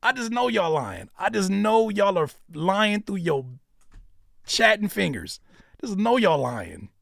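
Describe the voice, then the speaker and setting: A man's voice: sits high, big pitch swings, slow, vocal fry, fairly bright tone, no room sound, studio quality. A man hosting a music-reaction livestream, joking and repeating lines for effect in casual, profane chat. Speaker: livestream host reviewing music submissions.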